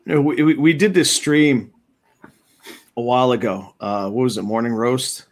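A man's voice: mid-range voice, moderate pace. Man telling a story with fillers. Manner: storytelling with many fillers and restarts. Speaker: guest, comic creator. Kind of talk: casual podcast chat.

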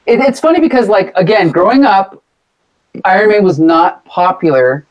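A podcast co-host talking in lively, enthusiastic casual chat. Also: mid-range voice, normal speed, dull audio.

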